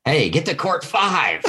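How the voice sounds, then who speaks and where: A man's voice: high voice, very noisy. A man co-hosting a casual late-night podcast over a remote call, joking lightly. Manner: lively, joking. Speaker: co-host.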